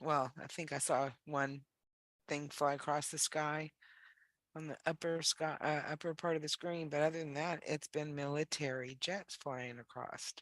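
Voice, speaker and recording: The voice is a chatty livestream host at an even, middle pitch, easygoing and quick to laugh. Talk wanders into fillers and restarts. The sound is close and dry, with no room around it. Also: no room sound. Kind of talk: casual livestream chat.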